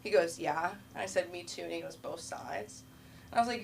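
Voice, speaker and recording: A woman's voice: fairly low pitch, sing-song, normal speed, vocal fry, slight background noise. A woman hosting a comedy open mic on a club stage, chatty and laughing as she acts out both sides of her stories.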